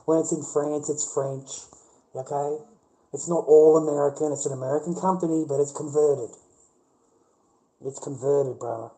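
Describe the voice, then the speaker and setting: A man's voice: a little high, fairly even intonation, normal speed, dark tone, rough recording. A middle-aged man with an Australian accent, chatting casually on a livestream, blunt and heavy on swearing as he rants back at his viewers.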